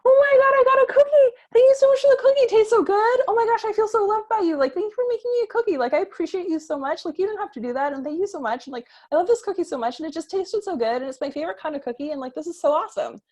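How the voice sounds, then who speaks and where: A thrilled, sweet child gushes thanks in a very high, squeaky voice. The words spill out fast and breathless, bright with delight. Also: female voice, animated. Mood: gushing, thrilled. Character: overjoyed grateful child, gushing and sweet.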